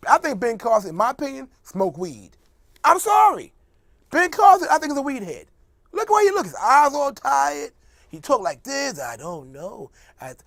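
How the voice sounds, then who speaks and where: A man hosts a loose, rambling comedic monologue, his pitch swooping up and down as he jokes and mocks, laughing often. His voice sounds close and dry, with no room echo.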